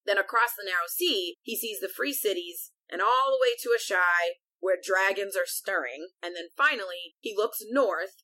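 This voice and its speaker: A woman's voice: medium pitch, moderate pace, hardly any pauses, bright, forceful tone, poor audio. A woman co-hosting a podcast, casually retelling a book chapter at length and peppering it with "like". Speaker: podcast co-host.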